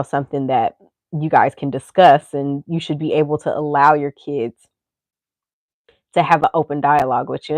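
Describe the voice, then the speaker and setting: A woman's voice: lowish voice, dry recording. A woman hosting a podcast, talking candidly in a casual, rambling way full of "you know" asides. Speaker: podcast host and mother. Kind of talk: casual chat.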